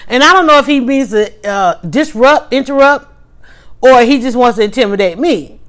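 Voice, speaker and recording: A woman hosting a livestream, telling a story in a casual, animated way with quick restarts and emphatic asides. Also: a little high. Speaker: livestream host.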